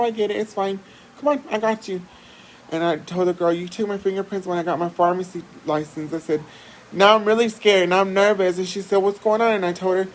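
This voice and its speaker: A woman vlogger, telling a personal story in a chatty, animated way and swearing freely. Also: lowish voice, slight background noise, low-quality recording. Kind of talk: casual storytelling.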